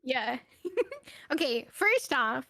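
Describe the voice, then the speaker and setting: High-voiced teasing woman on a call. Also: sing-song, extremely slow, creaky, sharp tone, no room sound, studio quality. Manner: teasing, giggly. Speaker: guest on a call. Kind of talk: casual call chat.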